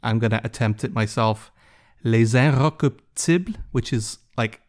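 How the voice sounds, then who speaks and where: A man's voice: lowish voice, completely flat delivery, moderate pace. A man hosting a casual interview, asking curious, easygoing questions. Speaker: podcast host.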